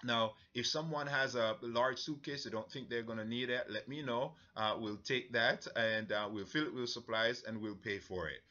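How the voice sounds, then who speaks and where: A man with a Jamaican accent, leading a church mission-trip briefing in an earnest, halting way with many fillers. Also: mid-range voice, sharp tone, lo-fi sound.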